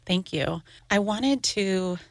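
A woman's voice: medium pitch, expressive, slow, gravelly, no room sound, clean studio sound. A middle-aged woman and grief coach, telling her own story candidly as a guest on an interview podcast.

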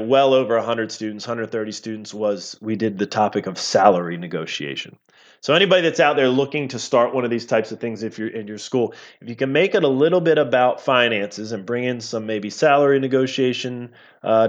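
A middle-aged man, a professor talking as an interview guest, explaining at length and often repeating words as he goes. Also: mid-range voice. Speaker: physical therapy professor, guest. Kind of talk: casual interview talk. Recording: slightly dull lo-fi audio.

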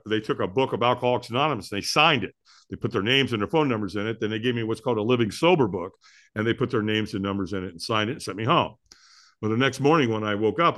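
Candid middle-aged man telling his story. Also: mid-range voice. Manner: candid, animated storytelling with many restarts. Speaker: guest. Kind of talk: personal story in a podcast interview.

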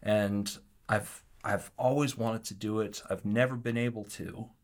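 A man telling a story as an interview guest, animated and acting out the quotes, with frequent restarts. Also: lowish voice, a little slow. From Kansas City area.

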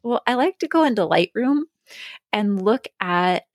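A woman hosting a podcast in casual chat, telling stories in a lively, animated way. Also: medium pitch, moderate pace, dry recording, clean studio sound. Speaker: podcast host.

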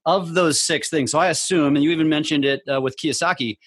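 Male co-host, casual, thoughtful questioner, slightly high voice. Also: fairly bright tone, dry recording. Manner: thoughtful, halting, restarts mid-sentence. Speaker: podcast co-host. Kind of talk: casual interview chat.

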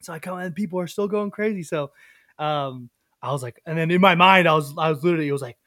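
Animated young man telling a story. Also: fairly high pitch, fast talker, no echo, studio quality. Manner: animated, filler-heavy, acts out quoted voices. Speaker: podcast co-host and stand-up comedian. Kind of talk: casual anecdote telling.

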